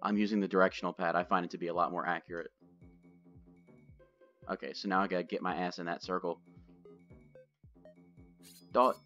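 A man with a low-pitched, steady voice and fairly bright tone hosts a gaming channel, talking fairly fast but with long pauses. He cracks jokes and swears in loose, chatty commentary while playing. A desk microphone captures dull lo-fi audio mixed with game music.

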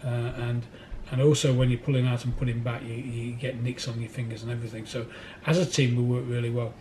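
A man's voice: mid-range voice, flat delivery, fairly quick, dark tone, a little hiss or hum. A man being interviewed in a record warehouse, rambling through anecdotes and laughing as he tells them. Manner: rambling, laughs through his stories, acts out other people's voices. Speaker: record collector telling stories.

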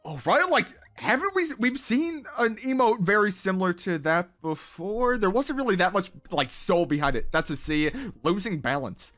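Excitable young guy ranking game emotes. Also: high-pitched, moderate pace, few pauses, faint music behind. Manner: excitable, animated, slangy. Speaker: gaming content creator. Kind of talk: casual reaction commentary.

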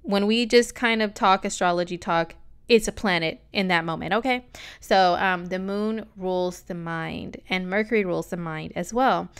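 A woman's voice: fairly low pitch, normal speed, clear, resonant tone. A woman talking casually on a vlog, giving a chatty, sassy astrology reading full of slangy asides.

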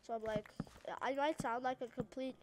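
A woman's voice: high voice, steady tone, moderate pace, heavy background noise. A woman with an Australian accent giving hyper, rambling, jokey let's-play commentary as a gaming YouTuber.

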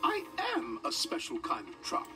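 A man's voice: high voice, wildly swooping pitch, normal speed, gravelly, far from the mic, over music, voice pushed up, full character voice. A man voicing a haughty, proud female quarry lorry in a prim, sniffy manner.

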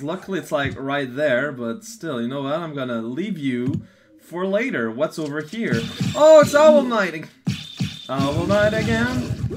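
A man commenting on his video game playthrough, rambling and joking at himself. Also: a little high. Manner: rambling, jokey, self-mocking. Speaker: let's play commentator. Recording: game music playing behind.

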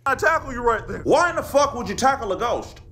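A man voicing a boastful, hot-headed male cartoon character, foul-mouthed and quick with comebacks in an animated comedy sketch. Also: extremely high pitch, full character voice. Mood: mocking.

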